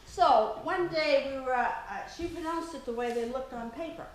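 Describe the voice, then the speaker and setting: A woman's voice: high voice, moderate pace. An older woman, an author, telling chatty family stories to an audience and laughing often. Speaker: author giving a talk. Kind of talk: storytelling talk to an audience. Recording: echoey room with faint noise.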